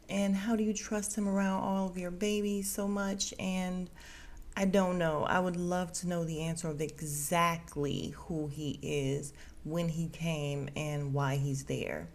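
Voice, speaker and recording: Young woman podcaster chatting away about a tv show, slangy and animated, laughs a lot, lowish voice. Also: measured pace. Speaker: podcast host. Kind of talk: casual TV recap chat.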